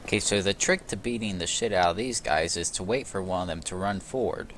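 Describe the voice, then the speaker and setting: A man's voice: sits low, fairly quick, a bit bright, a little hiss or hum. A young man hosting a let's play, joking and sarcastic as he talks through the game and swears casually. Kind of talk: casual gameplay commentary.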